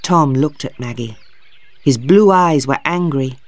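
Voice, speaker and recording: A narrator reading a graded storybook for English learners in a clear, deliberate, expressive way. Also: medium pitch, dry recording.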